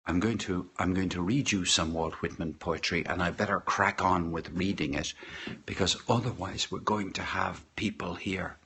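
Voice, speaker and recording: An Irish man with a deep, pushed, bright voice hosts a casual poetry live stream from his home kitchen, speaking at a moderate pace with fairly even intonation. He hesitantly greets viewers by name as he rambles, recorded on a phone with slight background noise.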